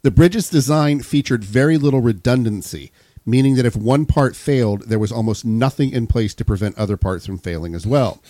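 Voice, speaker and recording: Guy reading the story bits on a podcast, steady, average pitch, no room echo. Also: brisk. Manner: steady storyteller, laughs often. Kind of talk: reading a script between casual banter.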